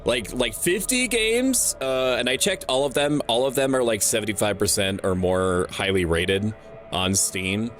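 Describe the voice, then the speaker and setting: Young guy streaming for charity, kinda deep voice, rambly and jokey, bit of music in the back. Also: steady tone, normal speed, fairly bright tone. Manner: loose, joking, rambling with many fillers. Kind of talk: casual streaming chat.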